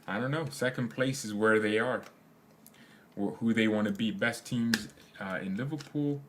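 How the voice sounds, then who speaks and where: Young male fan-channel host, lowish voice, loose slangy rambling with frequent laughs, keyboard clicks behind. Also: a bit bright, slight background noise. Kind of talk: casual livestream chat reading comments.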